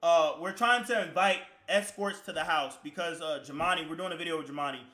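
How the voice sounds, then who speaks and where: Streamer man, bright high voice, profane rambling storyteller, echoey room. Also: fairly quick. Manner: profane, slang-heavy, rambling, bursts into shouting. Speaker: live streamer. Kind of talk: casual storytelling to stream chat.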